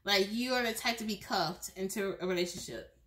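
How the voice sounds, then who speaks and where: This pick-a-card tarot reading comes from a woman with a bright, forward, mid-range voice who talks a little fast. She addresses the viewer directly and casually, often starting her sentences over and laughing.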